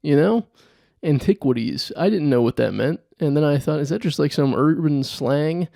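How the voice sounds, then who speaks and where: A young man riffs alone on his comedy podcast, rambling and chuckling at his own jokes. His voice is mellow and gravelly, at an ordinary pitch. The sound is close and dry. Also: normal speed, no echo. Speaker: podcast host. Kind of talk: solo comedy podcast monologue.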